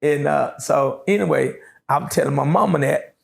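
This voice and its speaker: A middle-aged man telling his life story in an interview, slow and drawling with many fillers. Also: on the high side, creaky. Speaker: interview guest.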